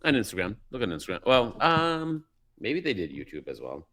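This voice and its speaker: A man's voice: lowish voice, big pitch swings, brisk, fairly bright tone, dry recording, clean studio sound. A man co-hosting a casual podcast, joking about himself. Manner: joking, self-deprecating. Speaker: podcast co-host. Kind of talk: casual group chat.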